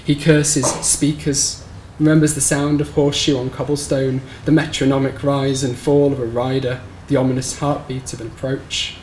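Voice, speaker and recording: A man's voice: mid-range voice, level tone, moderate pace, hardly any pauses, a little mellow. Man reading a story in a roomy bookshop. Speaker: author reading his short story. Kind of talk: live reading of literary fiction. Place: bookshop event space, live audience. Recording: roomy live recording with faint background noise.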